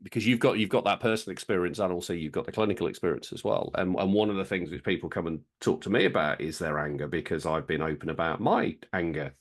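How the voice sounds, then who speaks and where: A man's voice: sits low, quick pace, few pauses. A man co-hosting a podcast, reflecting openly and repeating words as he thinks aloud. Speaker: podcast co-host. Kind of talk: candid conversational chat.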